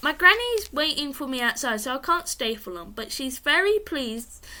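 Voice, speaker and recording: A woman's voice: sits high, sing-song, normal speed, pushed and bright, heavily acted. A woman reading as an eager young schoolboy. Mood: friendly. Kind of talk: children's storybook reading.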